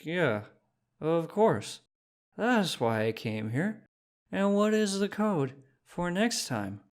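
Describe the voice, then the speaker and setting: A man voicing a centuries-old being stuck in a drunk old man's body, talking carelessly and a bit loud. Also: sits high, sing-song, takes it slowly, pitched above the performer's own voice, heavily acted. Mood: tipsy. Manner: slurred, careless.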